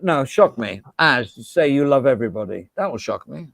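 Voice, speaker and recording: A man's voice: medium pitch, expressive, normal speed, vocal fry, dry recording. Beery man chatting on stream. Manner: rambling, laughing, swearing, drinking beer. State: hiccups. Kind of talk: casual chat on a live stream.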